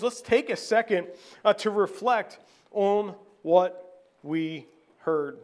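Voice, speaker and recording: A middle-aged man preaching a sermon as pastor, with many fillers and repeated starts. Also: high voice.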